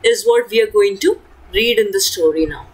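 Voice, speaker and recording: A woman's voice: medium pitch, normal speed, husky, low-quality recording. A woman teacher explaining a story to children in simple words, often asking questions and checking with "okay".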